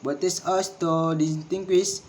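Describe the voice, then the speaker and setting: Male presenter, slightly high voice, reads lesson notes at a very slow, careful pace. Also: steady tone, a little mellow, slight background noise. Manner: slow, careful reading with word drills. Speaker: English pronunciation presenter. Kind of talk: reading lesson notes aloud.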